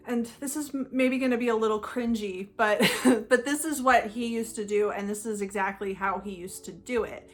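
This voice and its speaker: A woman's voice: mid-range voice, fairly bright tone. Earnest woman explaining, faint music behind. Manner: earnest, explanatory, with slowed emphasis. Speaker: host. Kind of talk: personal talk about psychology.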